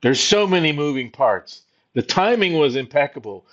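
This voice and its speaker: A man's voice: a little high, sing-song, normal speed, a bit bright. A man who used to write wrestling shows, chatting casually in a laid-back way, swearing and laughing easily. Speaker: former wrestling writer, co-host. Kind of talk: casual chat. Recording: dull lo-fi sound.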